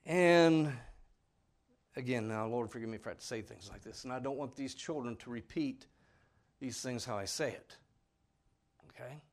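A man's voice: medium pitch, normal speed. A man preaching a sermon in a folksy, earnest, pleading way, speaking plainly to his congregation. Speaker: pastor.

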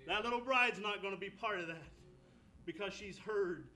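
High, bright-voiced fervent preacher man. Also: moderate pace, rough recording. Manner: impassioned, rising and falling, drops low for storytelling. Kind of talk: fervent sermon.

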